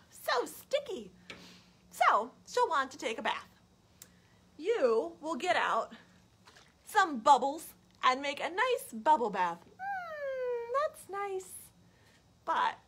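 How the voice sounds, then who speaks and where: A woman librarian reading a picture book and singing counting songs for young children in a playful, animated way on a livestream. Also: high-pitched, slightly rough. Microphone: webcam or phone, livestream.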